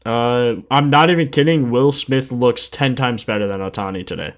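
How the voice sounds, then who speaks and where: A man speaks at a moderate pace with a medium-pitched voice. Having just woken up, he hosts a sports betting livestream in a drowsy, easygoing, slangy manner, reading statistics and answering the chat.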